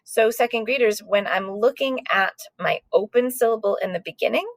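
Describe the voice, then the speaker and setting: A woman's voice: mid-range voice, moderate pace, no room sound. A woman teaching a recorded phonics lesson to second graders, sounding out letters patiently.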